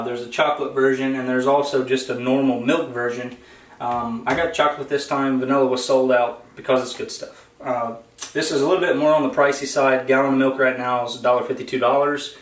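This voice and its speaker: A man co-hosting a casual grocery haul vlog, talking in a relaxed, rambling way with lots of fillers. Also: medium pitch. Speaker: vlog co-host. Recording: roomy echo, faint noise.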